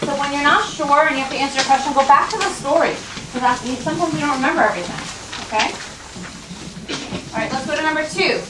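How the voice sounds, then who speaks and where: Talking fast in a high voice, a woman works with a first grade class, patiently coaxing them and reading aloud word by word. The sound is roomy and distant, with background noise from the classroom.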